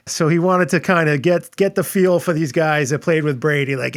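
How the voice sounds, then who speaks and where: A man with a fairly high-pitched voice, recalling an experience earnestly as a podcast guest. He often restarts his sentences, and the sound is dry and close. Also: fairly even intonation, moderate pace, hardly any pauses, dry recording. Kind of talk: casual chat.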